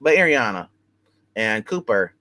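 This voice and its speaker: A man's voice: fairly low pitch, sing-song, unhurried, bright, forceful tone, no room sound. A man co-hosting a casual TV review chat, recapping episodes in a rambling way full of repeats and fillers. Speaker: co-host reviewing a TV show.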